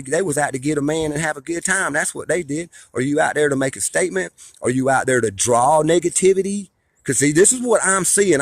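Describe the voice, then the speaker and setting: A man's voice: a little high, a bit bright, slightly rough, dry recording. A middle-aged man lectures his viewers in a blunt, preachy rant, often restarting and repeating phrases. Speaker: father and online commentator. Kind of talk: ranting monologue to viewers.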